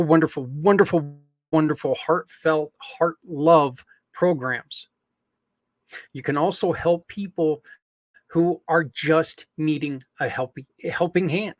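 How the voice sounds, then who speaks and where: A man's voice: medium pitch, dry recording. A man hosting a podcast, making an earnest, rambling appeal to listeners, with many fillers and restarts. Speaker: podcast host.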